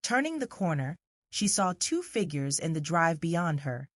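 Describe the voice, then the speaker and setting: Low-voiced woman reading a novel. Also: big pitch swings, a little slow, no echo, studio quality. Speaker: audiobook narrator. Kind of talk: scripted literary narration.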